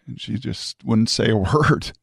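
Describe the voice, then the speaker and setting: A middle-aged man from Washington State hosting an interview, telling stories in an animated, emphatic way. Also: mid-range voice, measured pace, gravelly, breathy edge, no room sound, studio quality. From Puyallup, Washington, USA. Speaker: host. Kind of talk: conversational storytelling interview.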